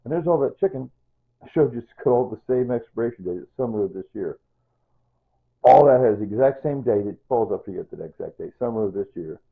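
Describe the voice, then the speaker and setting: A man's voice: mid-range voice, expressive, a little fast, vocal fry, husky, phone-quality sound. A man chatting loosely while cooking in his home kitchen, rambling and repeating himself as he explains each step. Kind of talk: unscripted cooking video chat.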